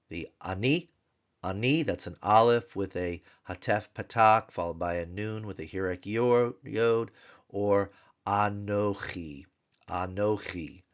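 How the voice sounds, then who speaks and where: Low-voiced man drilling Hebrew words. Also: clean tone. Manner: wry, joking asides; repeats each word slowly to drill it. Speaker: Hebrew teacher. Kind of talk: recorded grammar lecture. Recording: dull lo-fi lecture recording.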